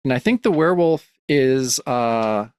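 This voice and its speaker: A man's voice: medium pitch, expressive, measured pace, a little mellow, clean tone, dry recording. A man co-hosting a podcast about comics, chatting casually and rambling with many restarts. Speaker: podcast co-host.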